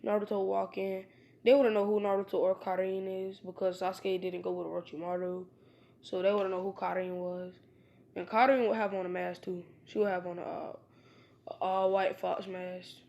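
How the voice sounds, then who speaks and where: Woman, casual fan story, rambling, informal slang, many fillers and restarts, medium pitch. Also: flat delivery, moderate pace, gravelly, dark tone.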